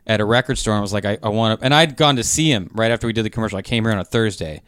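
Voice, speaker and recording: A man's voice: on the low side, racing, a bit bright, smooth, no room sound. A man, a stand-up comedian, chatting casually on a podcast and telling laid-back stories. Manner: laid-back storyteller, acts out quotes.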